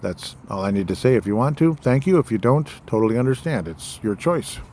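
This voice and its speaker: A man's voice: mid-range voice, lively intonation, a little fast, darkish tone, a little hiss or hum. A man hosting his own political podcast, talking loosely and rambling, with many fillers and small apologies. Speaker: podcast host. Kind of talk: casual political podcast monologue.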